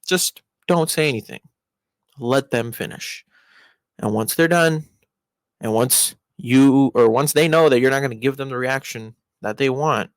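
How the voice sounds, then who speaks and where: A young man giving casual advice in a rambling monologue, full of restarts and fillers, with his voice jumping up in pitch for emphasis. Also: no room sound.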